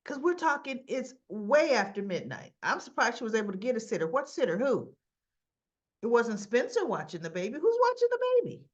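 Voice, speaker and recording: A woman's voice: fairly high pitch, big pitch swings, brisk, lo-fi sound. A woman chatting casually and with strong opinions as she recaps a soap opera, acting out the characters' lines as she goes. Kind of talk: casual chat.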